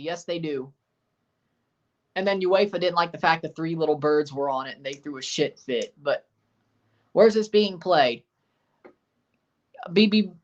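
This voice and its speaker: A low-voiced woman streams a football watchalong, doing casual play-by-play and sassing her chat in between. The recording has its highs cut off.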